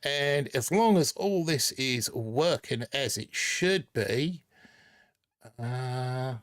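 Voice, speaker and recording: A man's voice: medium pitch, expressive, drawn-out words. A man in his forties with a put-on Australian accent, chatting casually as host of a live stream and reading out viewer comments. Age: 40s. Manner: chatty, rambling, reads viewer comments aloud.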